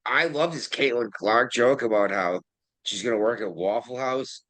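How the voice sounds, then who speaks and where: A man's voice: mid-range voice, normal speed, a bit bright, no echo. A male podcast host in casual chat, making offhand joking remarks.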